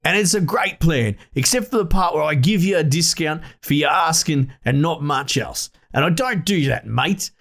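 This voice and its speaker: A man's voice: fairly high pitch, expressive, normal speed, gravelly, hardly any pauses, fairly bright tone, voice pushed up, exaggerated voice. A man doing a sly, chummy merchant with a put-on accent. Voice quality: broad, folksy put-on accent, says "mate" and "ain't". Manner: chummy, drawling, chuckling. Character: shrewd, jovial male merchant with a predatory grin.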